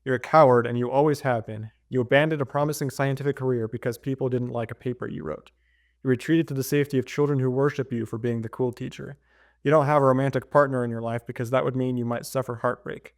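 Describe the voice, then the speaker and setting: A man's voice: mid-range voice, steady tone, quick pace, no echo, studio quality, natural voice. A man reading a novel aloud, voicing a stern, blunt woman mission leader in his own plain voice with no accent. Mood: accusing.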